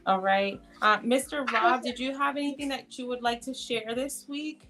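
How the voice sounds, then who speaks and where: A woman's voice: fairly high pitch, moderate pace, fairly bright tone, faint music behind, low-quality recording. A woman hosting an online reading session over a video call, encouraging readers, helping with pronunciation and teasing playfully. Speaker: reading program host.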